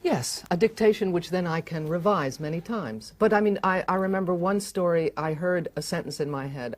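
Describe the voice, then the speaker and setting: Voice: medium pitch, moderate pace, darkish tone. A writer talking reflectively about how stories begin, hesitant, with many fillers and restarts. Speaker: fiction writer and filmmaker. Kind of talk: reflective conversation about writing.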